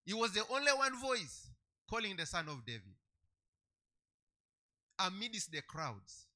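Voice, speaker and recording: A male preacher delivering a sermon with a bright, ringing voice. His pitch leaps and falls all over the place. He hammers on key phrases, repeating them, and swings from loud declarations to hushed lines. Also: big pitch swings, unhurried.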